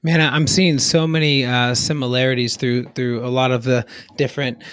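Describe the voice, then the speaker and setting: A man's voice: medium pitch, level tone, normal speed, fairly bright tone, clear, resonant tone, no echo. A man co-hosting a casual podcast discussion, talking in a loose, rambling way with frequent restarts and light laughs. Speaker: podcast co-host.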